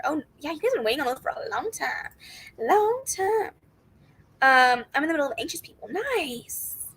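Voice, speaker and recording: Bubbly high-voiced woman chatting on a livestream. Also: creaky, bright, forceful tone, poor audio. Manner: chatty, greets viewers and reads their comments aloud; upbeat with frequent laughs and squeals. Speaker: book livestream host. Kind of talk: casual live-stream chat.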